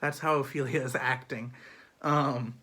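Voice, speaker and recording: A man talks through a play summary in a loose, chatty way, dotted with fillers and quick acted-out asides. His voice sits at an ordinary middle pitch. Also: fairly even intonation, pushed and bright. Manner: chatty, filler-heavy, lots of "um" and "like". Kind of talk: casual literature summary.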